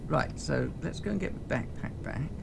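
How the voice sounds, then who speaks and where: A man chatting loosely as he streams a space survival game, with a slightly gravelly edge to his voice. He rambles, stops and restarts his sentences, and fills the gaps with ums. Steady game noise runs loudly under everything he says. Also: on the high side. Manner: rambling, halting, with many fillers and restarts. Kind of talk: casual gameplay chat. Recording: noisy game sound behind the voice.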